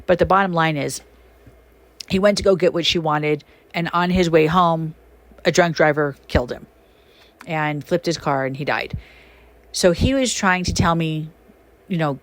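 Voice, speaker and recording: A woman hosting a podcast, telling stories in a casual, chatty monologue with many fillers and sudden emphatic rises in pitch. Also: moderate pace, pauses often, no room sound. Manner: animated, emphatic, swings her pitch up when excited. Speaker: podcast host and shaman.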